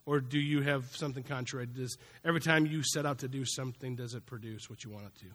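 A man's voice: mid-range voice, quick pace, hardly any pauses, fairly bright tone. A man preaching a sermon in a conversational, folksy way, acting out little asides as he goes. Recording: long hall reverb.

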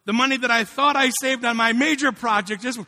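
A pastor delivers a sermon full of personal stories, acting out what people said. His voice sits high and sounds bright and forceful. The room has a long, ringing reverb. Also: fairly quick. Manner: animated storytelling, acting out quotes.

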